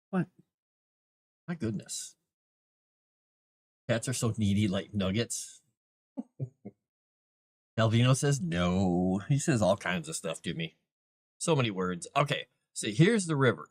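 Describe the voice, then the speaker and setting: A man hosting a casual live stream, thinking aloud as he works and chatting to viewers and his cat. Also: lowish voice. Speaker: author and live-stream host.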